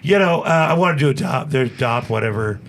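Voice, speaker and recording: A man's voice: medium pitch, expressive, fairly quick, gravelly, a little hiss or hum. A man in his sixties, a podcast guest, telling long rambling stories with restarts and acted-out quotes. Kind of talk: casual storytelling.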